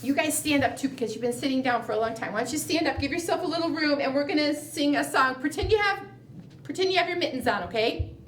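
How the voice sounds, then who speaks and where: A children's librarian leading a preschool storytime, coaxing young children in an animated, encouraging way. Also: female voice, high voice, quick pace. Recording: roomy, from a distance, faint noise.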